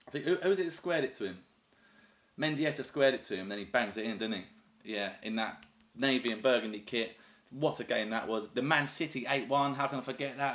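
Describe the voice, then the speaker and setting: A man's voice: mid-range voice, fairly bright tone. Casual vlogger: man in his thirties, southern English accent, enthusiastic and rambling, recorded in a roomy space. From North East England, raised in the south of England. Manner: chatty, rambling and enthusiastic, lots of fillers. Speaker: YouTuber. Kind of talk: casual chat to camera. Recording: echoey room.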